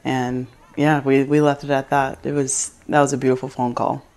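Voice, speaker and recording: A young woman, a soccer player, retelling a personal story in an interview, with lively acted quotes. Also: very deep voice, normal speed, rough recording.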